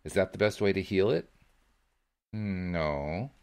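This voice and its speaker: Man voicing a calm grandmother figure, patient, wise, deep-voiced storybook mentor. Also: takes it slowly, clean tone, full character voice. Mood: gentle. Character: older woman, grandmother, gentle wise mentor.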